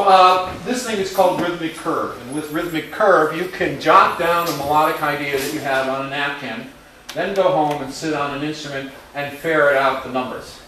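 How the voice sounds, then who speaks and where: A man's voice: on the high side, fairly bright tone, recorded from a distance, a little hiss or hum. Man teaching a music class, echoey room. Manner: sings out rhythms on nonsense syllables while explaining. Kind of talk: classroom lesson. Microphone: distant recorder in the room. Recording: very echoey room recorded from afar, faint music.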